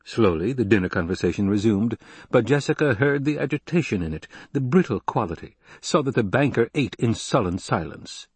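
A man narrating a novel in a measured, even storytelling voice. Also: mid-range voice, breathy edge, no echo. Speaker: audiobook narrator. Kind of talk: scripted narration.

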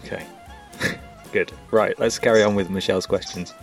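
A man's voice: lowish voice, fairly even intonation, normal speed, faint music behind. A man hosting a podcast, chatting casually and dry in manner. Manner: dry, wry. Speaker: podcast host. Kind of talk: casual chat.

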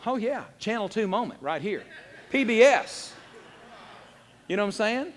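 Lively, high-voiced male pastor preaching. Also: moderate pace, long pauses. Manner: animated, joking, talks straight to the congregation. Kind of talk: sermon. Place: church sanctuary. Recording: long hall reverb.

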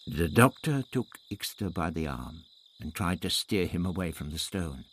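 A man narrating a story as an audiobook in a measured storytelling manner. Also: deep voice, animated, a bit bright, breathy edge.

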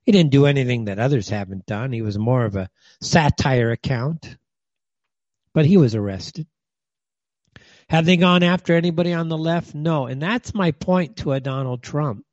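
A man's voice: medium pitch, normal speed, darkish tone, dry recording, dull audio. A man hosting a talk show in a ranting monologue, firing rhetorical questions at listeners and calling people names. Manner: scornful, name-calling.

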